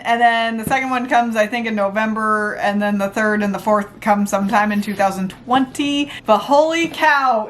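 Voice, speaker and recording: A young woman filming an unboxing vlog, gushing and squealing with excitement, rambling with fillers. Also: on the high side. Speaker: vlogger.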